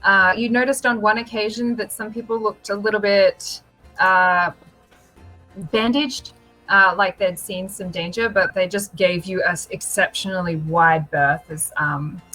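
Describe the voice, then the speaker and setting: A woman's voice: fairly low pitch, sharp tone, poor audio. A woman narrating as dungeon master of a tabletop game, with many fillers and restarts.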